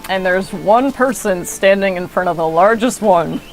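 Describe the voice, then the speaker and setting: A woman's voice: mid-range voice, moderate pace, soft background music, rough recording. A woman streaming a game, giving rambling, self-correcting casual commentary.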